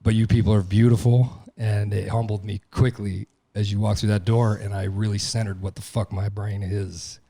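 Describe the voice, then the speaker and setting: Deep-voiced man ranting with blunt profanity. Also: little pitch movement, normal speed, gravelly, few pauses, mellow, no room sound. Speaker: podcast host and tattoo shop owner. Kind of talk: candid monologue.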